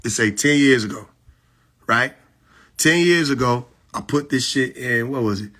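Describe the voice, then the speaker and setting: A man's voice: medium pitch, measured pace, pushed and bright. A man hosting a live stream, preaching casually and emphatically, repeating his points and asking rhetorical questions into a phone mic.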